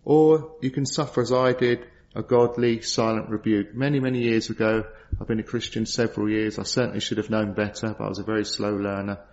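A man's voice: fairly low pitch, little pitch movement, a little fast, a little mellow. A middle-aged man preaching a sermon, earnest and storytelling, asking rhetorical questions. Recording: dull lo-fi sound.

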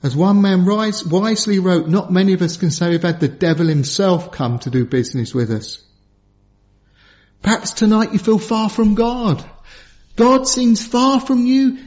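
Earnest high-voiced man preaching. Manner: earnest, pleading, drops low and soft for emphasis. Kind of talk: sermon. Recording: dull lo-fi sound.

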